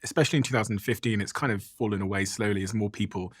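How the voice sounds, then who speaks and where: A man's voice: on the low side, steady tone, racing, no room sound, clean studio sound. A man hosting a podcast in casual conversation, asking thoughtful questions.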